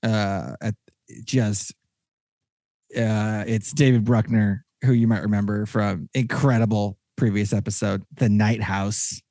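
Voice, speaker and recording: A man hosting a casual podcast chat with a Texan accent, rambling and excitable, with many restarts. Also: lowish voice, a little slow, no room sound, clean studio sound. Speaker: podcast host.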